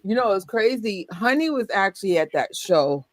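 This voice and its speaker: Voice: medium pitch, very animated, normal speed, no room sound. A co-host in casual chat, telling stories animatedly with laughter and quoted reactions.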